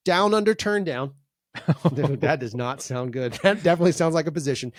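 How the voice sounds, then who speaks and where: A man's voice: on the high side, animated, moderate pace, dry recording, clean studio sound. A man hosting a podcast in casual, joking chat, laughing often and rambling into asides. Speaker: podcast host.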